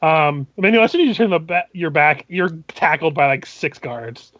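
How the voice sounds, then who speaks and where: A man serving as game master who narrates a tabletop game, describing scenes in a halting, methodical way. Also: a little high, animated, a bit bright, muffled recording.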